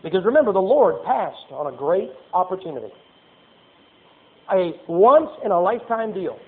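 A man's voice: high-pitched, sing-song, moderate pace. A man preaching a folksy sermon, reading scripture and acting out little asides. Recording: tinny phone-like sound.

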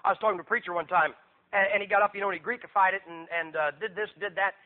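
High-voiced preacher on a tinny recording. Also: male voice, fairly even intonation, very fast. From United States. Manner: emphatic, repetitive, sarcastic asides. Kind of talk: sermon. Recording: tinny phone-like lo-fi sermon recording.

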